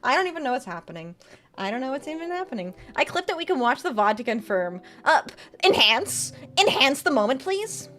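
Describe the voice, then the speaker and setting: A young woman VTuber streams a game live, her voice sitting high with big pitch swings, a fairly quick pace and a fairly bright tone. Giggly and jokey, she chats with viewers and reads both chat and tarot cards aloud.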